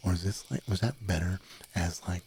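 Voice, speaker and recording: A young man streaming late at night, chatting softly in a rambling, giggly way that often drops into a whisper. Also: sits low, a little fast, noisy background. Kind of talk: soft-spoken late-night stream chat. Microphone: desk microphone, no windscreen.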